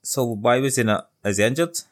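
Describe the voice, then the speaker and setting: Male co-host, quick talker, blunt questions, casual chat. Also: mid-range voice. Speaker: podcast co-host.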